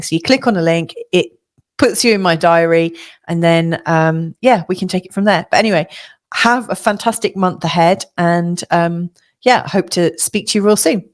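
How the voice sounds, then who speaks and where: A middle-aged woman astrologer giving a monthly forecast in a reflective, coaching way, with many fillers and restarts. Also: fairly low pitch.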